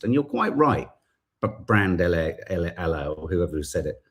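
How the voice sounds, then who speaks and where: A man's voice: lowish voice, animated, normal speed. A man hosting a podcast, giving impassioned, indignant political commentary and swearing now and then. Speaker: podcast host.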